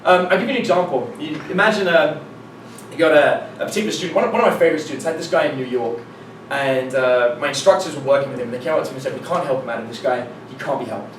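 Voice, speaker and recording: A man giving a live seminar talk as a dating coach, telling anecdotes in an animated way, acting out dialogue and swearing casually. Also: a little high, rapid-fire, a little hiss or hum. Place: meeting room with an audience. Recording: echoey room from a distance, faint ambience.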